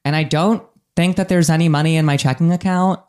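A man's voice: fairly high pitch, fairly even intonation, brisk, darkish tone, clean tone. Rambling young man telling a story. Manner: rambling, full of likes and ums, laughs at himself. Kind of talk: casual storytelling.

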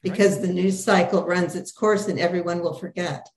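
An older woman speaking as an interview guest in an earnest, determined, measured way. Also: lowish voice, steady tone, reverberant. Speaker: guest, mother of a detained officer. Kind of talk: candid interview conversation.

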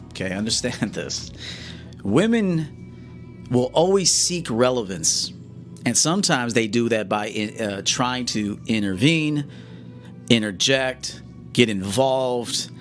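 A man coaching his audience in a live-stream monologue, blunt and confrontational, often checking "okay?". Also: mid-range voice. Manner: blunt, lecturing, confrontational, keeps asking "okay?".

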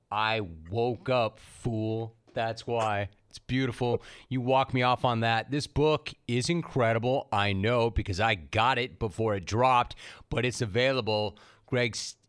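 A man hosts a podcast interview in a casual, effusive way. He heaps praise on his guest and asks questions at a middle pitch. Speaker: podcast host. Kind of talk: enthusiastic interview.

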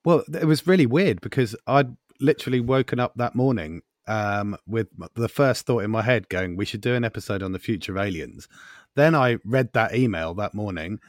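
A man's voice: on the low side, moderate pace, no echo, clean studio sound. A man co-hosting a podcast, chatting casually and laughing easily. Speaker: podcast co-host. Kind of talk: casual chat.

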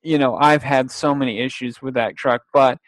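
A man's voice: medium pitch, steady tone, moderate pace, no echo. A young man telling a long casual story with restarts and quotes, in a dry, close recording. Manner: rambling, with restarts, laughs and acted-out quotes.

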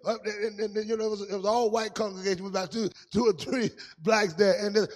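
A man preaching a testimony sermon in a sing-song style, dropping to a hush and rising to shouts. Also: high-pitched, fairly even intonation, fast, in a large hall.

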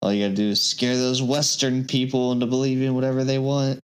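A man's voice: mid-range voice, level tone, fast, smooth, rough recording. A man co-hosting a podcast, reading aloud and riffing with cynical, sardonic remarks. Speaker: podcast co-host. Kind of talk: casual chat, reading and riffing.

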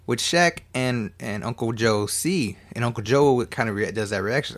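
A man's voice: medium pitch, normal speed. A man in his thirties casually recapping a movie, rambling and swearing with joking asides. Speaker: movie reviewer.

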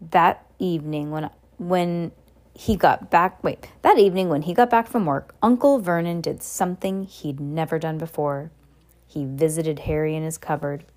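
A woman's voice: low-pitched, normal speed. A young woman reading a novel aloud in a casual way, breaking off for chatty, playful asides. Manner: relaxed, chatty, with playful comments. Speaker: reader.

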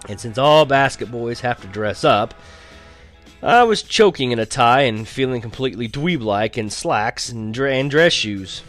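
A man's voice: mid-range voice, expressive, normal speed, a bit bright, soft background music. A man narrating a teen story as an audiobook, in a wry, sarcastic tone that breaks into laughs.

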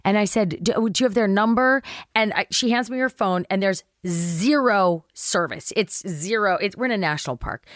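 A middle-aged woman tells a story on a podcast, jumping into the voices of everyone in it. Her pitch sits in the middle of the range, and her voice is close and dry with almost no room sound. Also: no room sound. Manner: animated storyteller acting out quotes, swears casually. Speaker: actress guest. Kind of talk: casual anecdote telling.

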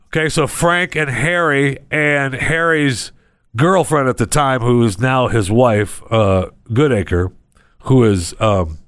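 A man's voice: medium pitch, fairly bright tone, no room sound, clean studio sound. Rambling man hosting a show. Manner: rambling, joking storyteller. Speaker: radio show host. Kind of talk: casual chat.

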